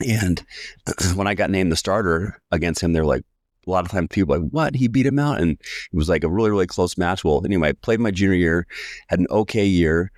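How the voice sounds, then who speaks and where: An American sales coach in his forties tells a lively personal story during a podcast interview, acting out the voices of the people he quotes. His deep voice moves a little fast, and the studio-quality recording has no room sound.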